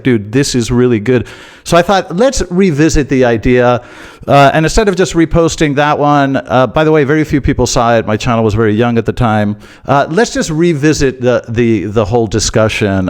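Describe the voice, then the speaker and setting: Emphatic American man hosting a channel. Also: mid-range voice. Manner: emphatic, repeats points, frequent "uh" and "okay". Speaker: football channel host. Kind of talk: casual opinion monologue to camera.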